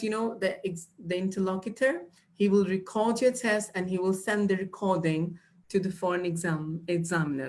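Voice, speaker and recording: A woman teaching an exam-prep class live, giving tips and calling students "dear". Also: fairly low pitch. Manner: instructive, addresses students as dear. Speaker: IELTS trainer. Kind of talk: live online class, answering chat.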